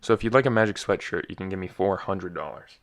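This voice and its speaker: A man's voice: low voice, fast, gravelly. A young man hosting a casual solo podcast, rambling and joking, often stumbling and correcting himself. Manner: rambling, self-correcting, jokey. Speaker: podcast host.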